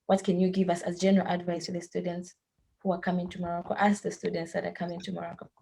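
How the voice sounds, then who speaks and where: A woman's voice: lowish voice, little pitch movement, fast, creaky, dark tone, a little hiss or hum. A woman coordinator asking questions in a casual Q&A, rambling and searching for words. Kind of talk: casual Q&A interviewing.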